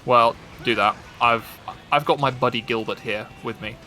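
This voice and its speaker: A man's voice: medium pitch, fairly even intonation, normal speed, bright, forceful tone, soft background music. A man streaming a game, chatting casually in a rambling, joking way and often cutting himself off mid-sentence. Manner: rambling, self-interrupting, joking. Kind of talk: casual gaming chat.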